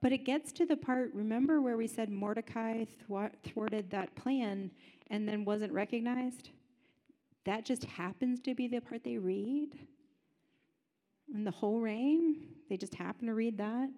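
A woman's voice: a little high, unhurried. Chatty woman preacher in an echoing hall. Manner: chatty, animated, humorous. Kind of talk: sermon. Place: large high-ceilinged room. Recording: long hall reverb.

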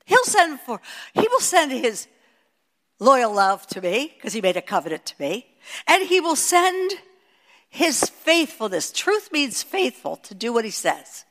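An older woman teaching a sermon, moving between emphatic high peaks and hushed, quiet asides. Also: unhurried. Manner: expressive preaching, rising to emphatic peaks and dropping to hushed asides. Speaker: Bible teacher. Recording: long hall reverb.

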